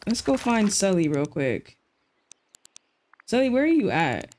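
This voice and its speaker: A woman live streamer chats excitedly and casually with viewers as she plays, full of slang. Her voice is mid-range and she talks a little slowly.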